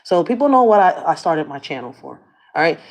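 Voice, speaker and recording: A woman's voice: deep voice, very animated, brisk. A woman vlogging as a community activist, ranting to the camera in blunt, profane slang. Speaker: community activist and channel host. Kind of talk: casual rant to camera.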